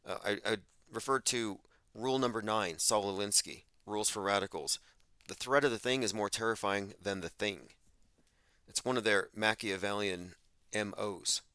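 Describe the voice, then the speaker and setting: A man with a lowish, sharp-edged voice holds forth in a podcast monologue. He sounds emphatic and sardonic, and he mocks the people he quotes. The sound is dry and close, with no room around it. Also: steady tone, normal speed, smooth, no room sound. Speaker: podcast host. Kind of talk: monologue commentary.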